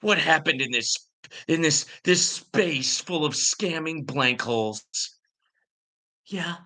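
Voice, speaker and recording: A male show host reading out a viewer's comment and answering it with slow, mocking, sarcastic taunts. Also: a little high, expressive, pushed and bright. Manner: sarcastic, teasing, drawn-out taunts.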